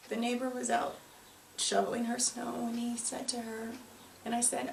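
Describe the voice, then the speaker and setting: Woman, personal testimony, emotional and halting; roomy distant recording with faint hiss. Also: on the high side, completely flat delivery, creaky. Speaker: interviewee.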